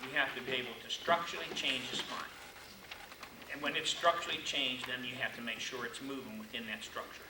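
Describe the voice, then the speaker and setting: A man's voice: medium pitch, brisk. Older man lecturing in an echoey room. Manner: folksy, animated anecdotes with acted-out quotes. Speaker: chiropractic lecturer. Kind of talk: storytelling seminar lecture. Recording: echoey room, far mic, noisy.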